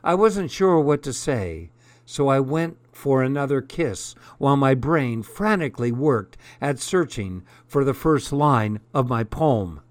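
A man narrating a first-person story aloud in an unhurried, deliberate reading. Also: mid-range voice, animated, dry recording. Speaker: audiobook narrator.

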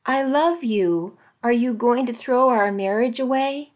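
A woman's voice: very animated, drawn-out words, full character voice. A woman reading as a frightened pleading wife. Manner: tearful, pleading, raised pitch.

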